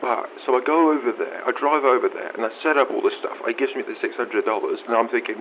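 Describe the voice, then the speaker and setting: A man's voice: mid-range voice, quick pace, hardly any pauses, a little hiss or hum. A young Australian man calling in, telling a comic story in a rambling, incredulous, swear-heavy way. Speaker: radio caller. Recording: dull lo-fi audio.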